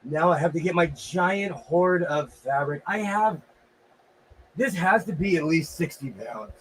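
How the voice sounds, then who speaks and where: A man's voice: a little high, expressive, a little slow, fairly bright tone, slight background noise. A man hosting a casual livestream from his home sewing room, chatting and cheerfully greeting viewers by name.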